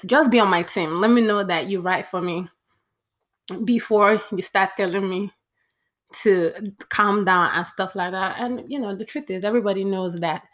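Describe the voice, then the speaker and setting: A woman's voice: fairly low pitch, fairly bright tone. Chatty young woman vlogger. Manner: chatty, playful, counts off a list. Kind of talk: casual talk to camera.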